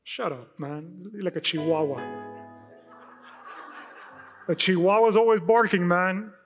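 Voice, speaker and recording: High-pitched guy preaching casual sunday sermon, lots of acted-out bits, big reverby church hall with faint music. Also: takes it slowly, lo-fi sound. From Hispanic heritage, Spanish speaker. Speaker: pastor.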